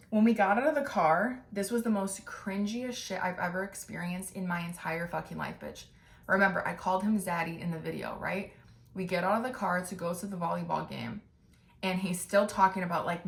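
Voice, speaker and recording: A woman's voice: medium pitch, normal speed. Chatty young woman in a roomy space. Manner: chatty, swears freely, full of "like", mimics others with animated bursts. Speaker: podcast host. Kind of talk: casual storytelling. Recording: roomy echo.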